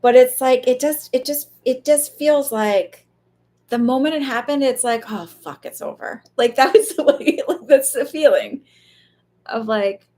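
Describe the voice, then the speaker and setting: A woman's voice: high-pitched, measured pace, warm tone. A woman speaking as a psychic medium in a casual live reading, chatty and loose, full of fillers and the odd swear.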